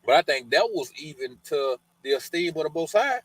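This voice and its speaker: A man's voice: on the high side, sing-song, a little fast, few pauses, husky, no echo, low-quality recording. A man hosting a podcast, reading scripture aloud and breaking off into loose, colloquial commentary, often adding "man" and "you know" as he talks. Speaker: podcast host.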